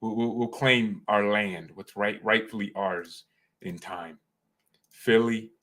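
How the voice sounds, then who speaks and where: A man hosting a fan live stream, rambling and joking with chat, swinging from calm talk to loud excited outbursts. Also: fairly low pitch, takes it slowly.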